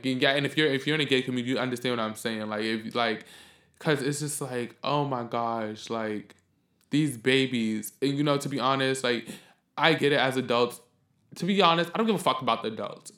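Profane, ranting man in an echoey room. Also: mid-range voice. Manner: blunt, profane, heated ranting that flares up loud. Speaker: podcast host. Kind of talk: casual opinion monologue.

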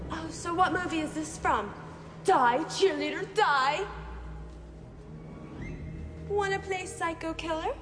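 Bratty cheerleader teen, taunting, long reverb and music behind. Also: female voice, sits high. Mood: mocking. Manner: sarcastic, taunting. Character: snobby mocking teen cheerleader girl. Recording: echoey film audio with loud music.

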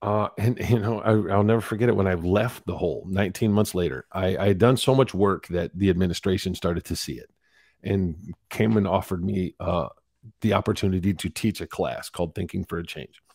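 A podcast guest in his forties with a lower voice tells his story frankly in an interview, bringing quotes to life in an animated way. He speaks fairly quickly, and the audio is dry and close with no room sound.

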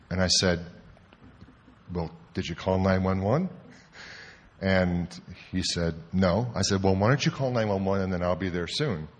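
A man preaching a sermon, telling a story in an animated way and swinging from hushed to loud. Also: deep voice, slightly rough. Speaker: pastor.

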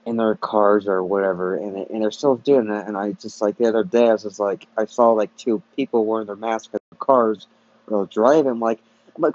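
A man's voice: fairly low pitch, steady tone, a little fast, a little mellow, no room sound. A man hosting a solo podcast, ranting in a profane, repetitive way and often restarting his sentences. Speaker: podcast host. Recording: dull lo-fi recording.

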